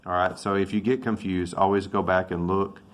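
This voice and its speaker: A man with a very deep, low voice gives a relaxed video lesson on English intonation. He talks loosely and thinks out loud. He often stops to correct himself mid-sentence. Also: normal speed. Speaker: English teacher.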